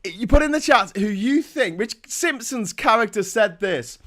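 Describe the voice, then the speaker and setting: A male morning-show host talks through his commentary in a loose, teasing way. His voice sits high for a man, and laughter keeps breaking through his sentences. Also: animated, a little slow, few pauses, sharp tone. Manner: chatty and mocking, often breaking into laughter. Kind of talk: casual satirical commentary.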